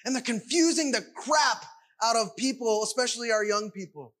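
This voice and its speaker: A man's voice: extremely high pitch, normal speed, a bit bright. A man preaching a sermon, emphatic and full of rhetorical questions.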